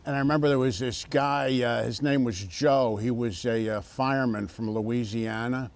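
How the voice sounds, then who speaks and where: A middle-aged man telling a personal story in an interview, halting with many fillers and restarts. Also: medium pitch, fairly even intonation, vocal fry. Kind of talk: casual interview testimony.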